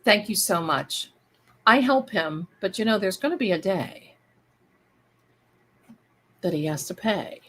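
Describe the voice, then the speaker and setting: A woman's voice: medium pitch, expressive, unhurried, long pauses, fairly bright tone, slightly rough. A woman hosting a casual livestream, chatting and rambling to her viewers. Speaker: live-stream host.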